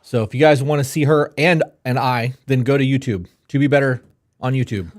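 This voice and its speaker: Young male co-host, mid-pitched, relaxed and blunt, casual swearing. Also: a little fast. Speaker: podcast co-host. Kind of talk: casual live-stream chat.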